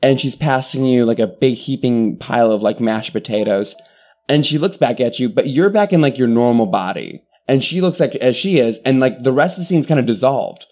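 A man's voice: mid-range voice, animated, brisk, a little mellow. A man narrating as game master in a tabletop game, rambling with frequent restarts. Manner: rambling, full of restarts and fillers.

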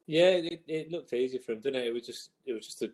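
A young footballer guesting on a sports podcast, in a mid-pitched voice. He talks hesitantly and restarts his sentences often. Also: fast, a little mellow, low-quality recording. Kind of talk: casual sports chat.

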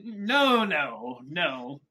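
A man voicing a boastful male mouse who wants to be a superhero and hides what his name means, in a booming, dramatic way. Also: sing-song, extremely slow, bright, forceful tone, husky, full character voice.

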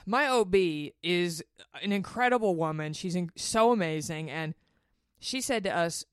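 A woman hosting a solo podcast, talking candidly and animatedly, swearing freely and jumping up high in pitch when she gets worked up. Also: animated, measured pace, clean tone, dry recording, clean studio sound. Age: 30s. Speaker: podcast host. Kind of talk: casual solo podcast monologue.

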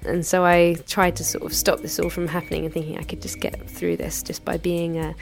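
A woman's voice: on the low side, flat delivery, a little fast, vocal fry, soft background music. A woman in her thirties telling a personal anecdote in a candid, chatty way. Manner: candid, chatty retelling with frequent hedges. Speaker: storyteller.

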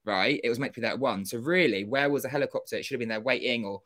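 A young man telling a story as an interview guest, animated and acting out quoted dialogue, with casual swearing. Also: mid-range voice, racing. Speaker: interview guest, former contestant.

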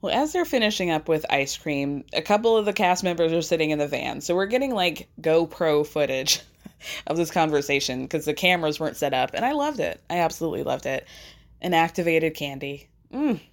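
A woman hosting a podcast in casual chat, chatty and animated, laughing often as she talks. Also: low-pitched, a little fast. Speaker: podcast host recapping a reality show.

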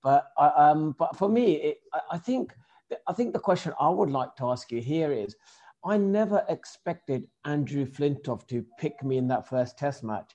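Man, mellow dark voice, halting, restarts a lot, casual chat. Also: fairly high pitch, very animated, highs cut off. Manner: halting, many restarts and fillers. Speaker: former cricketer, podcast guest.

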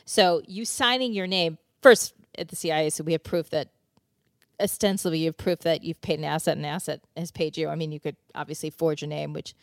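A woman hosting an interview, explaining things in a measured way. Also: deep voice, steady tone, no echo, studio quality. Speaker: host, former CIA officer. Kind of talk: podcast interview.

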